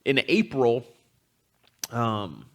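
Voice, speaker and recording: A man's voice: medium pitch, very animated, drawn-out words, fairly bright tone. A man giving a personal storytelling talk as a guest teacher, speaking candidly and conversationally, with frequent ums. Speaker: guest teacher at a spiritual community.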